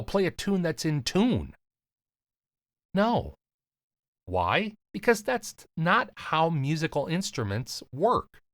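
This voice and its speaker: A man with a slight lisp, coaching on voiceover in an earnest, emphatic talk to camera with deliberate pauses. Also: a little high, no room sound, clean studio sound. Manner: casual, swears lightly. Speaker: voiceover coach and podcast host.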